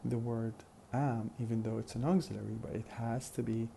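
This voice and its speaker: A man's voice: medium pitch, steady tone, normal speed, gravelly, warm tone, slight background noise. A man teaching a phonetics lesson in a methodical way, with many fillers and repeated examples. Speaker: phonetics lecturer. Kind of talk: recorded lecture.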